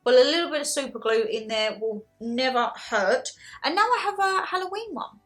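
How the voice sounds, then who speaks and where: A young woman chatting casually in a haul video, animated and self-deprecating, laughing often as she talks. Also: sits high, moderate pace, faint music behind. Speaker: haul vlogger.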